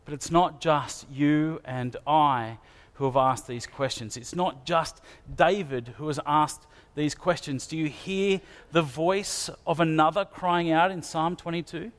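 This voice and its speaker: A man's voice: on the high side, measured pace. A man preaching a sermon in an earnest manner, asking his listeners searching questions. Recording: long hall reverb.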